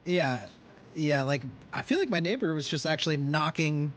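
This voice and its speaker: Quiet, laid-back male streamer. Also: on the high side, lively intonation, normal speed. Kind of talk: casual gameplay chat. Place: home at night.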